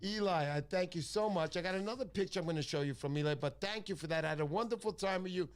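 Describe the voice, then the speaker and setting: A man hosting a casual fishing livestream, chatty and excitable, thanking viewers by name. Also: sits high, fast talker, smooth. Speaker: livestream host.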